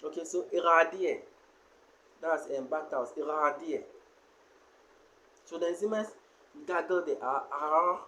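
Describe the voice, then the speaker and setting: A language teacher giving a spoken lesson on pronunciation, explaining slowly and pausing often with fillers. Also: mid-range voice, a bit bright, poor audio.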